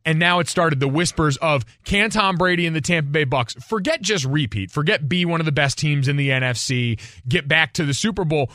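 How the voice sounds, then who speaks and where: A young man co-hosting a sports radio show, chatting in a quick, wry way. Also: fairly high pitch, a bit bright, no room sound, studio quality. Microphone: studio microphone.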